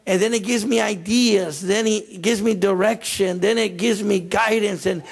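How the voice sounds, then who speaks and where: A pastor preaching a sermon in a repetitive, emphatic way. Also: male voice, high-pitched, steady tone, normal speed, gravelly.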